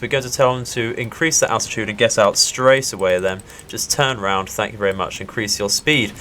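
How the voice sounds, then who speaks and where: A man's voice: medium pitch, fairly bright tone, a little hiss or hum. A man talks through a naval strategy game as its let's play host. His commentary is polite and upbeat, and he calls out each move as he makes it. He laughs off the setbacks with mild exasperation. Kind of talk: gameplay commentary.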